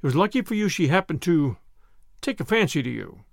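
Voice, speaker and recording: A man voicing a grave older male lawyer who speaks in a measured, dry way with clipped questions. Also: a little high, sing-song, creaky, no room sound.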